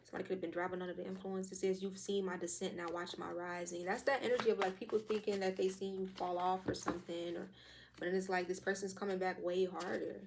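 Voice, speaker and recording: Fast-talking young woman tarot reader. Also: on the low side, vocal fry, background noise. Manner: fast, loose and profane, with lively quoted asides. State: slightly hoarse throat. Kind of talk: casual tarot reading.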